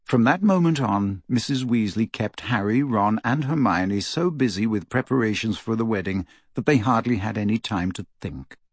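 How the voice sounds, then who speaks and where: Husky, lively male storybook reader. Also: fairly low pitch, moderate pace, hardly any pauses, dry recording. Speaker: audiobook reader. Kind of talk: storybook narration.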